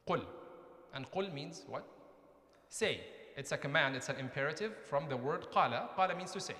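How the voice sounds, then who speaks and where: A man's voice: medium pitch, bright, forceful tone. A man giving a conversational mosque lecture, often asking the audience questions. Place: mosque hall. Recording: echoey hall with long reverb.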